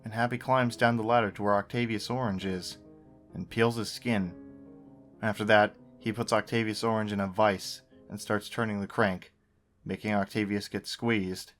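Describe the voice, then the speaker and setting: A man's voice: fairly low pitch, fairly even intonation, moderate pace, a bit bright. A man narrating a horror story, with dry, sarcastic asides. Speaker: creepypasta narrator. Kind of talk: story reading with commentary. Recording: guitar music under the voice.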